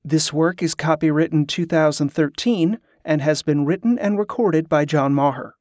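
Man, audiobook narrator, steady, measured, slightly high voice, dry close sound. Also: dry recording. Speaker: author and narrator.

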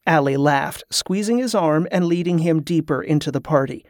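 Audiobook narrator, even steady reading, dry close sound. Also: medium pitch, moderate pace, no room sound.

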